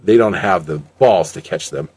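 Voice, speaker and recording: A man reading as a smug, low-voiced villain. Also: moderate pace, a little mellow, slightly rough. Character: smug, boastful male villain hunter.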